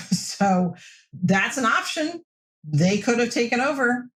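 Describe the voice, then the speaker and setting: A woman mental health counselor giving steady, reassuring advice in a podcast interview. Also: a little high, slow.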